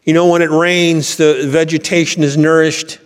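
A man's voice: a little high, level tone, normal speed, clear, resonant tone. A man preaching a sermon as pastor, reading scripture aloud with rising emphasis. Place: church sanctuary. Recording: long hall reverb.

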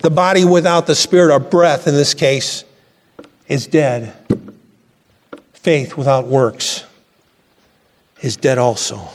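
A pastor preaching a sermon to his church, fervent and swelling to high exclamations. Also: slow, long pauses. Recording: long reverb from a church hall.

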